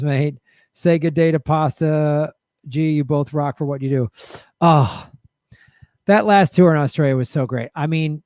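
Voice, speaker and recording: A man's voice: a little high, darkish tone, no room sound, clean studio sound. A middle-aged man hosting a casual live stream, talking loosely and upbeat, with many fillers, while losing his voice. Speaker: host.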